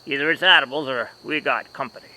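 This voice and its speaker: A man's voice: mid-range voice, quick pace, pushed and bright, rough recording. A man playing a fussy, easily flustered masked lawman in a homemade comedy sketch, talking in an exasperated, scolding way. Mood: worried.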